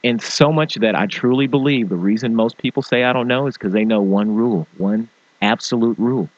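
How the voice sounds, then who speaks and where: A male host giving a lively motivational rant, now and then slipping into silly voices to mimic people. His voice sits at a middle pitch. The recording is dull and lo-fi, with no room sound. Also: a little fast, no echo. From small-town farming family. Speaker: show host. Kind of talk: motivational talk show rant.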